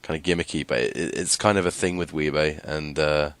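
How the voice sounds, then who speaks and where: Man, podcast co-host, very deep voice, dry close recording, easygoing hesitant chat. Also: steady tone, fairly quick, a bit bright, dry recording. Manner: easygoing, hesitant, many fillers and laughs. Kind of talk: casual discussion.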